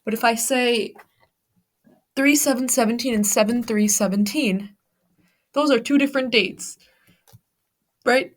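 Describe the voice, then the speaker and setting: A woman's voice: a little high, takes it slowly, long pauses. American woman teaching an English lesson. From United States. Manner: patient, step-by-step explaining with worked examples. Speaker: ESL teacher. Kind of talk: explanatory language lesson.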